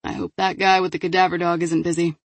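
A calm male investigator thinking through a lead out loud, as a woman narrator reads him. The delivery is earnest and steady, set in a low, dry register with no room around it. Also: quick pace, no echo. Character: male FBI agent, level-headed investigator.

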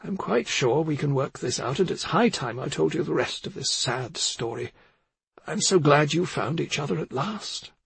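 A calculating woman who poisons without blinking, voiced by a man speaks in a smooth, controlled, coaxing way. The voice sits well above his usual register and stays husky and breathy. It is close and dry, like an audiobook. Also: a little high, lively intonation, normal speed, a bit bright, dry recording, pitched above the performer's own voice, heavily acted. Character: cold scheming woman poisoner, persuasive and calm. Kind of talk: audiobook character voice.

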